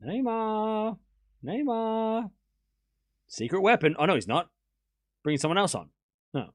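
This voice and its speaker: Hosting a tennis watchalong live, this man speaks in a fairly high, sing-song voice at a slightly quick clip, blending relaxed match commentary with jokes and plenty of laughter. He bickers playfully with his chat, and the recording is dry and studio quality.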